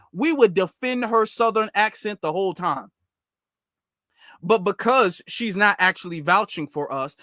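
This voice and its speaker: A man hosting casual commentary in an animated, slangy, mocking way. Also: high voice, no room sound, clean studio sound. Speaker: commentary channel host.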